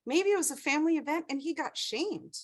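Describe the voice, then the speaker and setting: High-voiced woman telling a story to a class. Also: a little fast. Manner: storytelling, animated, asks the group questions. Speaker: class instructor. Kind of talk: teaching a class over video call. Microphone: video call.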